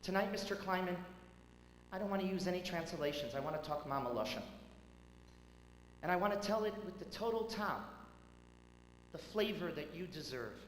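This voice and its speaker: A man, a rabbi, giving a tribute speech at a banquet, telling stories with dramatic swings between loud and hushed delivery. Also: sits high, animated, moderate pace, long pauses. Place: large banquet hall. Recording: echoey hall with faint hum.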